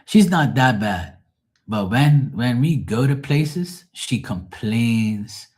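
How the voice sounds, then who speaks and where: A man's voice: mid-range voice, animated, slow, a little mellow. A middle-aged man venting on a live call in a profane, rambling, exasperated way. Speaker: caller on a live tarot stream. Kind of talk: casual venting.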